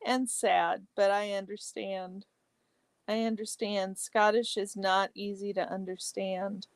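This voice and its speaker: A woman hosting a casual livestream chat, reading viewer comments aloud and answering each by name, chatty and exclamatory with soft asides. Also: mid-range voice, level tone, takes it slowly, no room sound. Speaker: livestream host.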